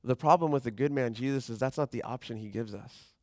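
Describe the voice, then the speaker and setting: A man's voice: medium pitch, a little fast, no room sound, studio quality. A man preaching a sermon as a pastor, talking in a conversational way and acting out the voices he quotes.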